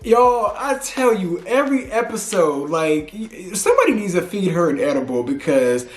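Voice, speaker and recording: A man from Houston giving frank, slangy, animated pop culture commentary in a casual vlog. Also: high voice, normal speed. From Houston, Texas. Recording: echoey room.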